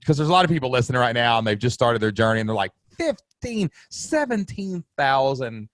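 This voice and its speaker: A man's voice: mid-range voice, racing, a bit bright, no room sound, studio quality. A man hosting a podcast interview, talking with enthusiastic, effusive and emotional energy. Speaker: podcast host.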